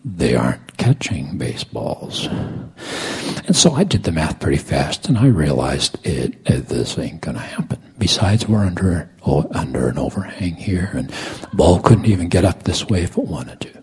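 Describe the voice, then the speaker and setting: A middle-aged man preaching a sermon as a story. He tells it dramatically, swinging from loud lines to hushed whispers. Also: low voice, very animated, moderate pace. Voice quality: gravelly, raspy.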